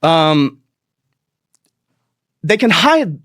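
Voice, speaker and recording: A man's voice: sits high, slow, pauses often, dry recording. Profane rambling male comedian, dry sound. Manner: profane, rambling, animated asides. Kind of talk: stand-up storytelling.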